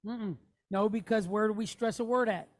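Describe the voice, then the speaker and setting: A woman's voice: medium pitch, moderate pace. A woman teaching a classroom lesson, patiently walking through letters and checking in with her students. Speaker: Hebrew teacher.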